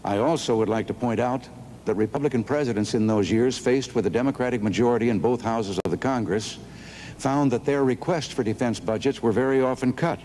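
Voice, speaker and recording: A man gives a rebuttal at a formal debate and works through his points one at a time. His tone is mellow and conversational. The archival audio carries a long hall reverb. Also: medium pitch, fairly quick, slight background noise.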